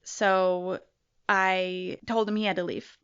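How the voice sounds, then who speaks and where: A woman speaks slowly and thoughtfully as she recounts a painful personal story to an interviewer. Her pitch sits in a middle range. The recording sounds dull and lo-fi. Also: flat delivery, a bit bright, clean tone. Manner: slow, reflective storytelling. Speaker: interview guest.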